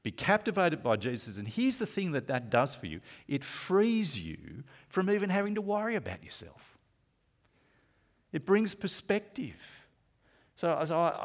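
An animated male preacher whose pitch leaps and falls as he teaches. He drives points home loudly, then slows to soft, near-whispered asides. His delivery has the steady rhythm of a sermon. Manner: animated, rises loud for emphasis, slows to hushed asides.

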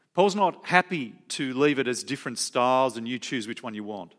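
A man's voice: mid-range voice, expressive, normal speed, hardly any pauses. Male preacher, conversational sermon, questions the congregation.

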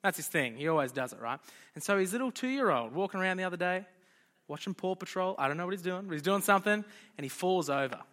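A man's voice: high-pitched, expressive, fast, a bit bright. A young man giving a casual, joking talk to a youth group as its leader. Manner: chatty, joking, loose and informal.

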